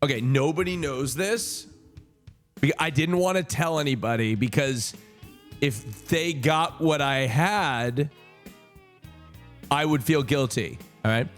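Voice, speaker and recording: A man on a stream tells his chat a personal story, casual and animated, with plenty of swearing. He swings between high, indignant protests and low, earnest tones, speaking slowly with frequent pauses over soft background music.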